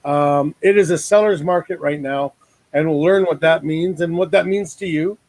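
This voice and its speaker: A man's voice: fairly high pitch, normal speed, a little mellow, no echo, rough recording. A man hosting a casual online talk show over a video call, joking and rambling with lots of fillers.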